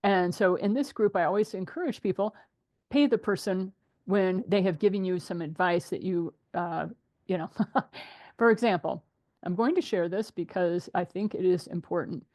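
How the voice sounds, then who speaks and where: A middle-aged woman hosting a casual group chat, telling animated stories and laughing often. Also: fairly low pitch, normal speed. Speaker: host.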